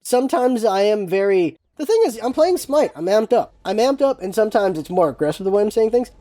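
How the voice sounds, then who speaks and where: Blunt, emphatic woman with a mellow voice. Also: mid-range voice, lively intonation, fairly quick. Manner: emphatic, repeats phrases to hammer points in; frank and blunt, with mild swearing. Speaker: gaming vlogger. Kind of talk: casual solo vlog commentary.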